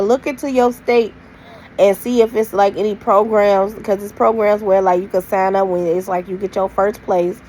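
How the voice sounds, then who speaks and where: A woman's voice: medium pitch, a little mellow, slight background noise, low-quality recording. A woman telling a rambling storytime to her viewers in a loose, slangy, casual way, talking straight to the camera audience. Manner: rambling, loose slang-filled retelling with many "like"s; addresses viewers directly. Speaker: storytime vlogger.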